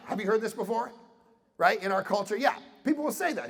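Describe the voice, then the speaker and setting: A middle-aged man from Canada giving an animated talk to an audience, acting out voices in his stories. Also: high voice, fast talker, vocal fry. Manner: animated storytelling with acted-out voices and jokes. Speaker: conference speaker. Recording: reverberant hall sound.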